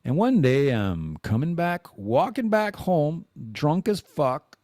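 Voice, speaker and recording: A man's voice: fairly high pitch, big pitch swings, takes it slowly, darkish tone, no room sound, clean studio sound. A man in his forties hosting a podcast, talking in a rambling, candid and self-deprecating way, full of profanity and restarts. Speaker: podcast host. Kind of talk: casual confessional monologue.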